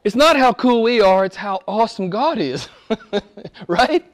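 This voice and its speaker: A male pastor preaching a sermon, swinging between loud exhortation and hushed whispers, with laughs between points. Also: high voice, lively intonation, measured pace.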